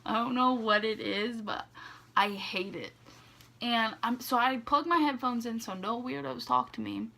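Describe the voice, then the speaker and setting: A woman's voice: a little high, unhurried, vocal fry, pushed and bright. A young woman telling a story to her vlog viewers in a chatty, casual way, full of "like" and "okay". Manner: chatty, says "like" and "okay" a lot. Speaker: vlogger.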